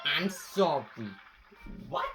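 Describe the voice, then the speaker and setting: A woman playing a game, talking dramatically, taunting enemies, swearing and swinging between shouts and mutters. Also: low voice, takes it slowly, faint music behind. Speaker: gamer.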